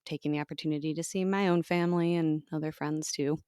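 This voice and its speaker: A woman's voice: deep voice, steady tone, quick pace, mellow, smooth, no room sound, clean studio sound. A young American woman co-hosting a casual podcast chat, playful and laid back. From United States. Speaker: podcast co-host.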